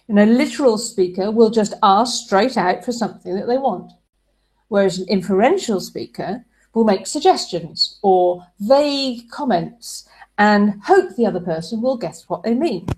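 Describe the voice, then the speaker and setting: A woman's voice: mid-range voice, animated, measured pace, a little mellow. A woman giving a relationship advice talk, explaining ideas through everyday examples.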